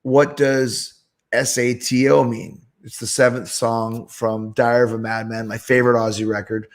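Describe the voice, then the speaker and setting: Male host, mid pitch, casual, animated, swears freely. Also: normal speed. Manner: animated, profane anecdote telling. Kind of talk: casual storytelling.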